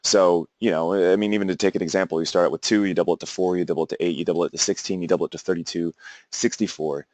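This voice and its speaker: A man's voice: sits low, steady tone, racing, darkish tone, no room sound. A young man teaching a class, talking loosely with lots of fillers and restarts. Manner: rambling, many fillers and restarts. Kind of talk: classroom lecture.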